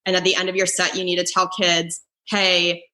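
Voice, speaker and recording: Woman, young adult, podcast guest, casual chat, low-ish pitch, lots of fillers. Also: completely flat delivery, moderate pace, bright, forceful tone. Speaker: comedian and foosball player guest.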